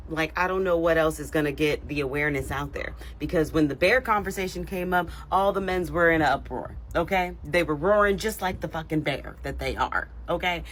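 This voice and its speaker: A woman's voice: lowish voice, fairly bright tone, a little hiss or hum. Woman reacting to a trend online, sassy and emphatic. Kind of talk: social media commentary.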